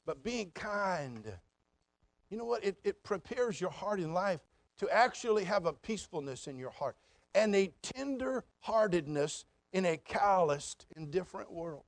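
Middle-aged male pastor, high voice, folksy and animated, close and dry. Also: normal speed, no room sound. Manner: folksy, animated preaching with mock voices and asides. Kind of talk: sermon.

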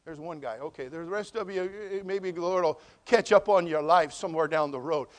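A male pastor delivering a sermon in a fairly high voice. He drives his points home emphatically, repeating phrases and firing rhetorical questions at the congregation. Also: a little fast. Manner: quiet storytelling in parts.

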